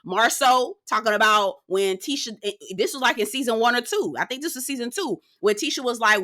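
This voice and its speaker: Young woman TV reviewer: bright, sharp tone, animated and profane, punchy repetition. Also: a little high, fairly quick, hardly any pauses. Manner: animated, profane, emphatic repetition, laughs often. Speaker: TV show reviewer. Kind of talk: casual reality TV recap commentary.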